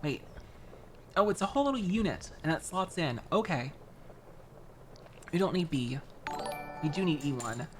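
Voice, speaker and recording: A young woman from Florida, chatting casually on a livestream while building a model kit, animated and quick to laugh, with frequent restarts. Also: low voice, soft background music. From Florida, United States. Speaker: streamer.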